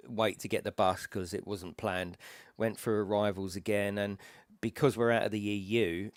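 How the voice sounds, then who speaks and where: A man's voice: fairly low pitch, no room sound, clean studio sound. A man with a gaming channel, telling a story to camera in a casual, rambling way and swearing freely. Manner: swears freely, tells a story about frantic travel trouble.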